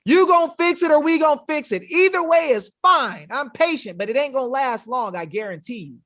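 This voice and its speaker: A man's voice: extremely high pitch, animated, brisk, fairly bright tone. A man hosting a webinar in an emphatic, combative, slangy manner, talking casually to his viewers. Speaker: webinar host. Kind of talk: fiery casual livestream talk.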